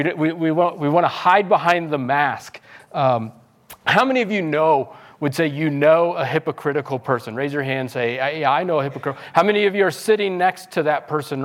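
A middle-aged man preaching a sermon as pastor, telling stories in a conversational, self-deprecating way with playful impressions. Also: fairly high pitch. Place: church sanctuary.

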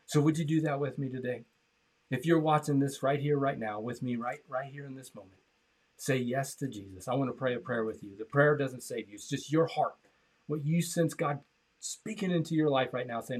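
A man's voice: medium pitch, moderate pace, breathy edge. Passionate male pastor preaching. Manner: passionate, repeats phrases, swings from loud to hushed. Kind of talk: sermon. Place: church.

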